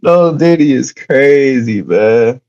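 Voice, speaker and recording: A man's voice: mid-range voice, expressive, slow, a little mellow, muffled recording. A young man from Dayton chatting casually on a podcast, teasing and slangy. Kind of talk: casual chat.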